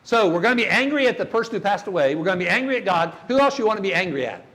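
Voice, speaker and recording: A man's voice: high voice, big pitch swings, rapid-fire, fairly bright tone. An older man preaching a sermon in a church, telling stories and putting questions to the congregation. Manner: storytelling, asks the congregation questions.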